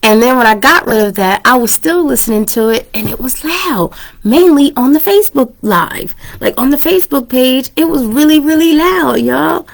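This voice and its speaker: Candid woman podcast host, gravelly edge. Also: high-pitched, lively intonation, normal speed, few pauses. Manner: chatty, candid, laughs often. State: under the weather, coughing. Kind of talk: casual chat. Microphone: microphone turned down low.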